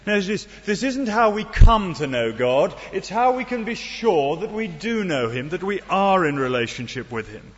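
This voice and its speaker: This high, slightly rough voice belongs to a middle-aged preacher whose sing-song delivery runs at normal speed with hardly any pauses. Earnest yet wry, he poses rhetorical questions, and the church recording is dull with long reverb.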